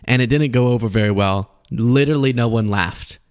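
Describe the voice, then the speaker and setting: A man's voice: mid-range voice, fairly quick, clear, resonant tone. A man hosting a political commentary podcast, talking casually, laughing often and mocking playfully.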